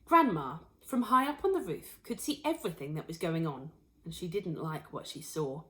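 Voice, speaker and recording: A woman teacher reading a storybook aloud to children, expressive and pointing out the pictures as she goes. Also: sits low, normal speed. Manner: expressive, shows pictures to listeners.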